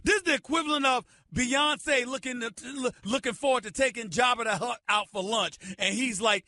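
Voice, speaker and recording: A male sports radio host with a very high, piercingly bright voice, shouting and hammering home every point. The studio sound is completely dry and close. He talks in an emphatic, theatrical tirade. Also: fairly quick, few pauses, dry recording. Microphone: studio microphone.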